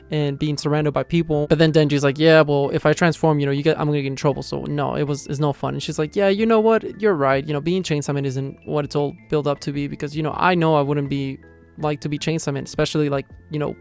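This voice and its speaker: A man talks quickly in a slightly higher voice, recapping a manga chapter in a loose, rambling way and leaning on "you know" again and again. Faint music plays underneath. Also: creaky, a little mellow, clear, resonant tone. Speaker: manga reviewer.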